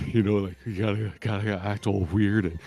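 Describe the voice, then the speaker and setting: A man hosting a casual chat stream from an echoey room. He talks in halting bursts, restarts often and laughs a lot. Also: fairly low pitch, little pitch movement, vocal fry, a little mellow. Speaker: stream host. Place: room with echo.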